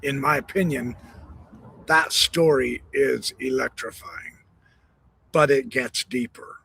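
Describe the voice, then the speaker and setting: A male host giving slow, reflective commentary on a live stream. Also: medium pitch, gravelly, pushed and bright, a little hiss or hum. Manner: slow, reflective, drawn-out phrasing.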